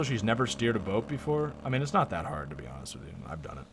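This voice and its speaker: A man's voice: on the low side, big pitch swings, fast, few pauses, a bit bright, a little hiss or hum. A man streaming a visual novel, making laid-back, profane asides between reading lines. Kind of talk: casual gameplay commentary.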